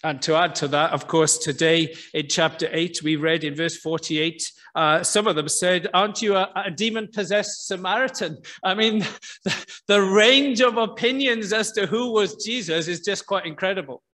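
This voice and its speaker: A man preaching a sermon in a church, earnest, slowing down for emphasis, with frequent restarts. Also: high-pitched, pushed and bright. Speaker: pastor.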